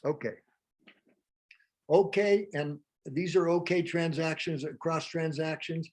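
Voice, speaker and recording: A man presenting a live workshop in a quick, lively, humorous way. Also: a little high. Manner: fast, lively, humorous delivery; acts out example dialogues with a raised voice.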